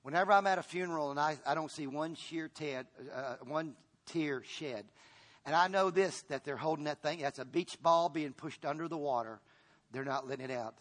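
A fairly high-voiced man preaching a sermon, his delivery swinging from loud, pressing lines to hushed ones. He repeats himself and restarts phrases in full pastor mode. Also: normal speed.

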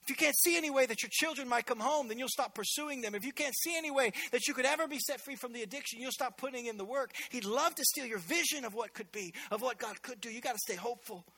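High bright-voiced pastor guy preaching in church, lively and chatty. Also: quick pace, hardly any pauses, breathy edge. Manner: energetic, conversational, joking asides. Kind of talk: sermon.

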